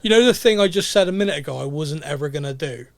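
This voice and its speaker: A man's voice: fairly high pitch, animated, fast, vocal fry. A man hosting a podcast, chatting casually, self-mocking and often laughing. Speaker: podcast host. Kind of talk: casual chat.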